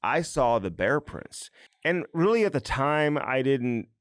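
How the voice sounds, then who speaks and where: A man in his forties co-hosting a podcast, telling stories in a casual, animated and self-mocking way. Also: medium pitch, unhurried, dry recording, studio quality. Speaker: podcast co-host. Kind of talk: casual chat.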